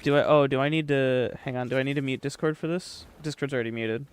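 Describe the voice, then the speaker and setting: A man's voice: mid-range voice, steady tone, quick pace, slight background noise. A young man streaming a game live, joking and swearing as he chats with his viewers at a desk microphone. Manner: profane, joking, talks to chat. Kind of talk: casual live-stream chat.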